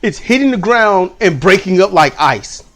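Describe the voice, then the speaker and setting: A man tells a dream story at home in a high, very lively voice that jumps all over his range. He talks casually and swears freely. Faint music plays underneath. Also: moderate pace. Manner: animated, swearing, acts out voices. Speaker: channel host.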